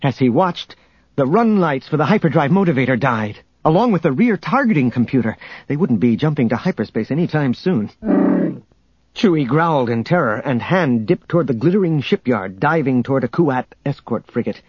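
A man narrating an audiobook in a steady storytelling manner, in a dull, dry recording. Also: mid-range voice, moderate pace, husky, dry recording.

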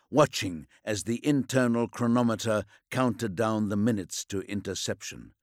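A man reading a dark science-fiction audiobook in a measured, low-key dramatic style. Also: dry recording, clean studio sound. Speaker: audiobook narrator. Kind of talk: scripted narration.

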